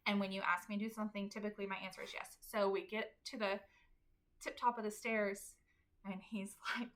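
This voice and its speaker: A woman co-hosting a podcast, telling a story in casual chat with lively, laughing delivery. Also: medium pitch, a little fast. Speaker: podcast co-host.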